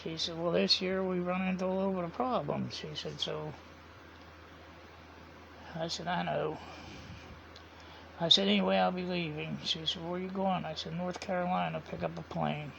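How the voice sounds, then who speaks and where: Gravelly man telling a rambling story. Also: high-pitched, steady tone, normal speed, long pauses, a bit bright, a little hiss or hum. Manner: rambling, repeats quoted dialogue with "I said" and "he said". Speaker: vlogger. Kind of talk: casual personal storytelling. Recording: dull lo-fi sound.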